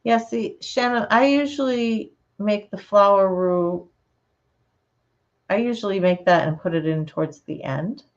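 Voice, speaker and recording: A woman hosting her channel, chatting casually with her viewers and reading their comments, relaxed and quick to laugh. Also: medium pitch. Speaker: channel host. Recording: slightly dull lo-fi sound.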